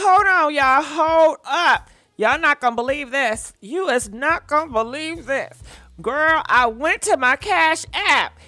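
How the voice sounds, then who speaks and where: High bright-voiced woman hosting a show. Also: dry recording. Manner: chatty, encouraging, addresses listeners directly. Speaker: talk show host. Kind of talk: casual chat.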